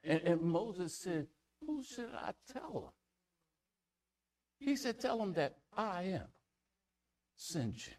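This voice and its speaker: A man preaching a sermon as pastor, reading scripture aloud and swinging between loud declarations and hushed near-whispers, often repeating words for emphasis. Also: sits high, wildly swooping pitch, takes it slowly, pauses often. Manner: reads scripture aloud in King James wording.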